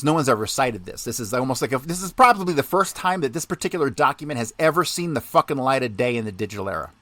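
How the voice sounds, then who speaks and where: A man's voice: medium pitch, expressive, fast, hardly any pauses, fairly bright tone, no echo. Profane, heated male podcast ranter. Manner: profane, heated, swearing constantly. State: jittery from too much coffee. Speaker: podcast host. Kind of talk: ranting podcast monologue, reading documents aloud.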